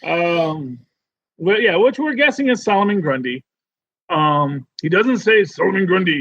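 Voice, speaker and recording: A man co-hosting a podcast in casual chat, rambling and animated with many restarts. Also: high-pitched, moderate pace, creaky, breathy edge, no echo, lo-fi sound. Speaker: podcast co-host.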